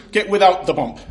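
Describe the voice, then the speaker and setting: A man's voice: sits high, heavy background noise. A man telling a funny personal story to a crowd, laughing often and poking fun at himself. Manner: animated, laughing often, self-mocking. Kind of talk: comic personal story told to an audience.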